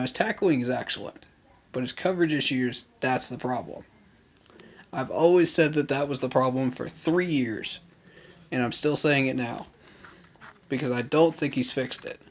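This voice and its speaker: A man's voice: medium pitch, normal speed, long pauses. A man giving an unscripted recap of a training day, talking loosely with lots of fillers and firm opinions. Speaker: fan commentator. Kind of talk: casual recap vlog.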